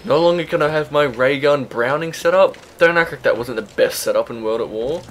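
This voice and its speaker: Chatty young gaming commentator. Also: male voice, a little high, a little fast, a little hiss or hum. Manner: chatty, swears freely, laughs at himself. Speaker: gaming YouTuber. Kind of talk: casual gameplay commentary.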